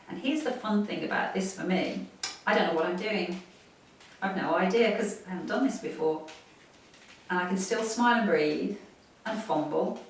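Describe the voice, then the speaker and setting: A woman leading a gentle seated movement class, chatting encouragingly and laughing often as she plays. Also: medium pitch. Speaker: movement instructor. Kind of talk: playful guided exercise class. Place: home room, seated on a chair. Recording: echoey room, mic at a distance.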